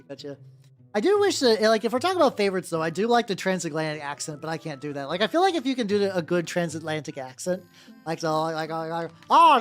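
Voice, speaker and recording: A streamer chatting casually while painting miniatures, rambling with lots of fillers and casual swearing, with no notable accent. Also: mid-range voice. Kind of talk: casual live-stream chat. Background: faint background music.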